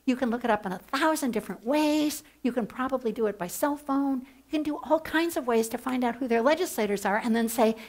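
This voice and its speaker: Woman trainer, slightly high voice, playful and joking, headset mic in a training room. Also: fairly quick, few pauses. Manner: playful, mock-excited and humorous storytelling. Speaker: advocacy trainer. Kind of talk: workshop presentation.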